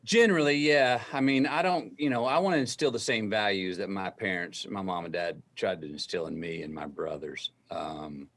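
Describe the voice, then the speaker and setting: A middle-aged man, a guest telling a story in an interview, slow and deliberate as he acts out remembered dialogue. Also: low-pitched, a bit bright.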